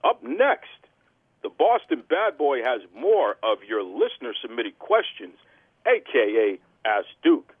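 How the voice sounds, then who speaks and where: Brash, boastful podcast host playing a heel, lively and husky, phone-quality sound. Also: male voice, mid-range voice, unhurried, dry recording. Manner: boastful, theatrical heel persona. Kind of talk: brash wrestling podcast talk.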